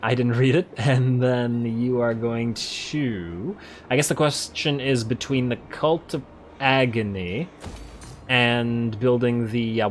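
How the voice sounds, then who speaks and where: A man hosting a let's play, casually commenting on a strategy game while thinking aloud, correcting himself and getting excited. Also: mid-range voice, a little hiss or hum. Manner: excitable, quick to laugh.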